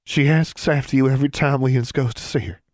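A man voicing a tearful, grateful girl who speaks softly. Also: mid-range voice, fast talker, dry recording, studio quality, pitched above the performer's own voice, natural voice. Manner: soft, tearful.

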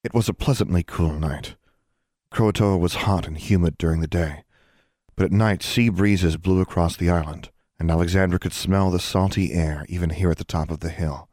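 A man narrates a fantasy audiobook in a steady, measured reading. His voice sits very low, and the sound is dry and close, with no room echo at all, as if recorded in a booth. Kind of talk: scripted storybook narration.

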